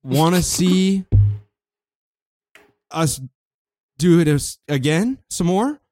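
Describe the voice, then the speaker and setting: A man's voice: a little high, animated, a little mellow, no echo, clean studio sound. A man co-hosting a comedy podcast, wry and teasing, drawing his words out. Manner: wry, teasing, drawn-out delivery. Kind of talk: improvised comedy banter.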